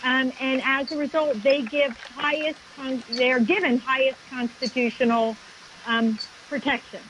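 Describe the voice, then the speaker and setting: Woman, high-pitched, earnest interview guest, remote call, faint background hiss. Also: fairly even intonation, moderate pace, a bit bright, low-quality recording. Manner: earnest, fluent with restarts. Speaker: guest, environmental advocate. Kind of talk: casual interview talk.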